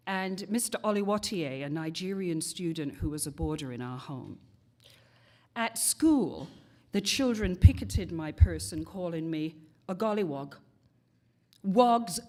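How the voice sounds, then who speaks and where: A woman in her sixties from England, giving a homily as a congregation member, telling a personal story in a slow, measured way. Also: low voice, animated, a little mellow. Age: 60s.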